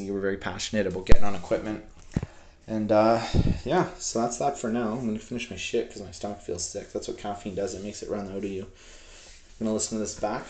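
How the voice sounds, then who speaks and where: A man's voice: fairly low pitch, a little mellow, a little hiss or hum. A man in his twenties from Canada, rambling frankly and profanely in a personal audio diary. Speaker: vlogger.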